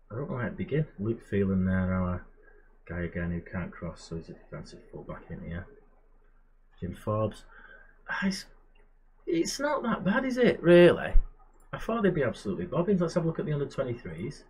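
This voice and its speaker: A man with a mid-range voice, accompanied by a slight hiss or hum, plays a management game and offers casual, chatty commentary. This gamer and channel host keeps muttering asides to himself.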